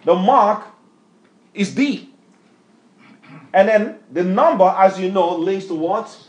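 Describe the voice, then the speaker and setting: A man's voice: sits high, animated, takes it slowly. A man preaching a bible lesson, emphatic, repeatedly quizzing a reader with questions. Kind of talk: street-style bible teaching sermon.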